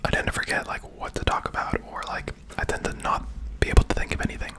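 Guy whispering asmr, gum chewing, rambly and soft. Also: quick pace. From England. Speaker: ASMR creator. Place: home room, lights turned down. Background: rain outside.

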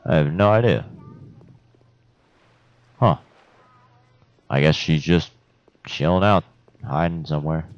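Very deep gravelly young man. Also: takes it slowly, pauses often, no echo. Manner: profane, excitable, talks at enemies. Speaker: gameplay commentator. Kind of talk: let's play commentary. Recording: dull lo-fi sound.

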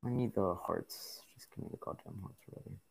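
A man with a fairly low voice talks over his gameplay, muttering and complaining whenever things go wrong. His commentary stays casual as he curses at the game and urges his characters along. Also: a little fast, gravelly, darkish tone. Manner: frustrated, grumbling, swearing at the game. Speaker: gaming YouTuber.

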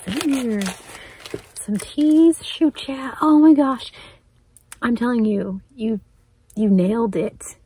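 A woman's voice: on the high side, slow pace, husky. Gushing woman unboxing mail. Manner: excited, gushing, laughs often. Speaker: crafting vlogger. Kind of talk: casual unboxing chat.

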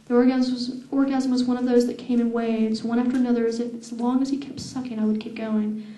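Woman author, live reading, slightly high voice, roomy echo. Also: fairly quick, recorded from a distance. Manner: steady reading with laughing asides to the audience. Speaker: author reading her novel. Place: event room with audience. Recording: echoey event room.

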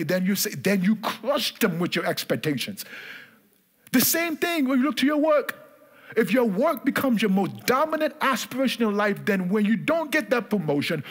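A male pastor preaching a sermon in church, emphatic and repetitive, calling on the congregation to answer. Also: sits high.

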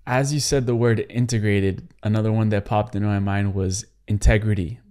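A young man hosting an interview, asking measured questions with some hesitation. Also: lowish voice, steady tone, darkish tone. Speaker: podcast host.

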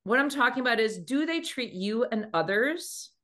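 Woman, dating coach, motivational talk, expressive storyteller who acts out quotes. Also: a little high, moderate pace.

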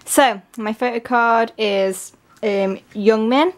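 A woman with a fairly high voice talks through an unboxing in a casual, gushing way. She sounds excited throughout, though her voice is strained and keeps giving out. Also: slow pace. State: voice giving out, coughing. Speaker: K-pop album unboxer.

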